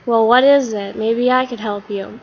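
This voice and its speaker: A woman's voice: on the high side, fairly even intonation, moderate pace, muffled recording, close to an everyday voice. A woman voicing a stern male school principal who scolds and pushes for answers.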